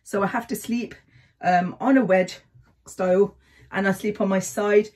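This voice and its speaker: With a medium-pitched, steady, and slightly mellow voice at a measured pace, a middle-aged woman vlogs casual breathing tips to camera. She keeps it chatty and regularly checks in by saying "okay?".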